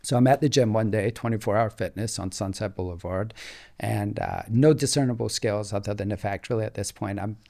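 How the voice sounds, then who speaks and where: A man with a fairly low voice tells a long personal story as a podcast guest. He talks in an animated, conversational way, acting out bits of dialogue and often restarting his phrases. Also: a little fast, vocal fry.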